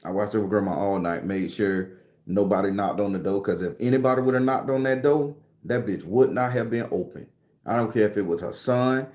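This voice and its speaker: A man's voice: fairly low pitch, brisk. A man, hosting a livestream and telling stories in a casual, profane way. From southern Florida. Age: 40s. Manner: loud greetings to viewers, profane slang. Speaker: livestream host. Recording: echoey room.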